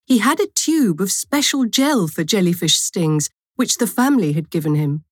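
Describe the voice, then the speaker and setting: A woman narrating a short story for a language course in a clear, measured storytelling manner. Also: mid-range voice, lively intonation, dry recording, studio quality.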